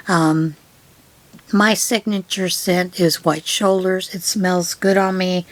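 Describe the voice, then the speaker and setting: A middle-aged woman hosting her own yarn channel, chatting through her mail in an unhurried, rambling way with many pauses and fillers. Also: mid-range voice, no room sound. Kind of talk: casual unboxing chat.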